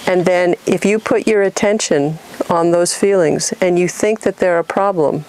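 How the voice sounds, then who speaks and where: A woman's voice: lowish voice, normal speed, darkish tone, a little hiss or hum. A middle-aged woman from California giving an earnest spiritual talk, acting out inner voices and asking rhetorical questions. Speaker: spiritual teacher.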